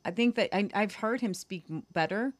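A woman's voice: medium pitch, moderate pace. A woman co-hosting a weekly world news talk show, chatting casually and rambling through stories. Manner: chatty, rambling, playful with mock accents. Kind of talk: casual news commentary chat.

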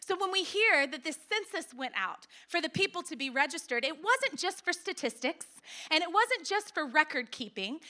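A woman pastor delivers a sermon in a high, bright voice. She tells the story with lively, playful asides and talks straight to her congregation.

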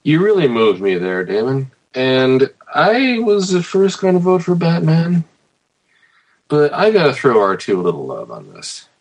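A man's voice: fairly high pitch, sing-song, a little slow, a little mellow, low-quality recording. A man on a casual chat panel, easygoing in delivery.

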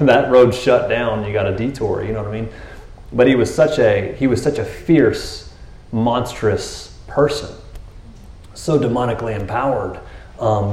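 Lowish-voiced guy preaching a chill sermon, jokes around, does little voices, echoey room. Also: a little mellow. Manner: conversational, jokey, acts out voices of people in the story. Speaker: pastor. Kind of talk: casual sermon.

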